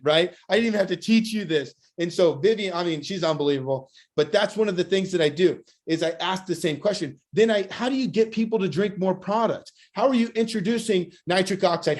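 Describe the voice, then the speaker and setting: Energetic man in his forties. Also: sits high. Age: 40s. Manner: energetic, acts out customer conversations. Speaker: nutrition bar owner giving a training talk. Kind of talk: motivational business talk.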